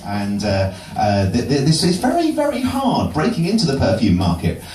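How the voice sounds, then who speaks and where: A stand-up comic with a lively, up-and-down pitch and a dry, self-mocking delivery. He is recorded from the back of a pub room, so the sound is echoey and there is clear ambient noise. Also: moderate pace. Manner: dry, self-deprecating, with chuckles. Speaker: stand-up comedian. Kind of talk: topical stand-up set. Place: pub comedy venue. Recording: roomy distant pub mic with noise.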